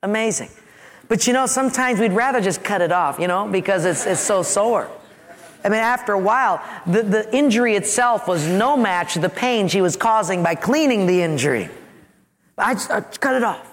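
A man preaching a storytelling sermon as a pastor, animated, acting out his own yelps and asides. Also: sits high, normal speed, in a large hall.

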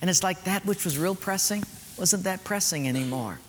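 Preacher in an echoey hall. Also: male voice, high-pitched, animated, moderate pace. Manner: storytelling, emphatic, preachy asides. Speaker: pastor. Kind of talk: sermon. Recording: echoey hall, faint noise.

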